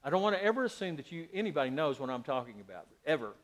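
A middle-aged male pastor preaching a sermon, animated, shifting between loud emphasis and quiet asides. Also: fairly high pitch, very fast.

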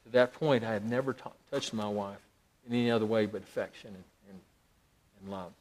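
A middle-aged man, a pastor, telling a personal story in a sermon, swinging dramatically between loud emphasis and hushed, near-whispered lines. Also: fairly low pitch, a little fast.

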